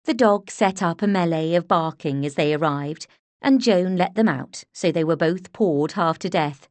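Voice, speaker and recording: This is a woman narrating an audiobook, her scripted delivery calm and even. Her voice is fairly low, and there is no room sound.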